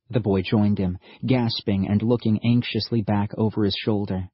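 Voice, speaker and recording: A man narrating an audiobook in a steady, measured storytelling manner. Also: on the low side, husky, dry recording, muffled recording. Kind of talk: scripted narration.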